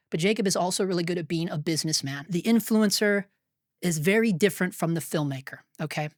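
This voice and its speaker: A man's voice: high-pitched, no room sound. Male filmmaker vlogger with a blunt, profane, rambling delivery, recorded dry and close. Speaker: filmmaker and YouTuber. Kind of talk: candid opinion commentary.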